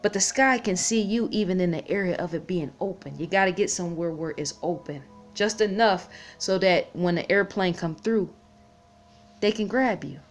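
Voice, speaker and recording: Woman with a lowish voice rambling to her camera, keeps repeating herself, fighting back tears. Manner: rambling, repeats words, pauses to type on phone. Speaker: vlogger. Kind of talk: casual unscripted talk to camera.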